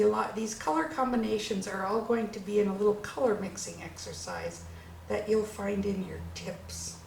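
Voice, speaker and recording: A woman's voice: mid-range voice, vocal fry, darkish tone. A woman teaching a watercolor painting lesson, chatting with enthusiasm as she paints. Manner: enthusiastic, chatty while working. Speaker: watercolor instructor. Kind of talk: painting demonstration. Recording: echoey room with faint noise.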